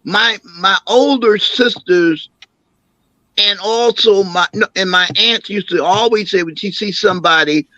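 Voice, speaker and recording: An older man, an imam and councilman, recounting family memories as an interview guest with an animated, storytelling manner. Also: high voice, measured pace, dry recording, lo-fi sound. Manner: animated storyteller, acts out quoted voices.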